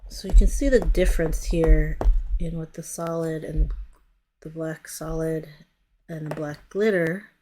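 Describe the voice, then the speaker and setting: Deep and mellow, her voice is unhurried and fairly even in intonation, with a little hiss or hum in the background. The American nail product stylist leads a chatty, casual tutorial, talking through her hand movements and frequently trailing off to self-correct.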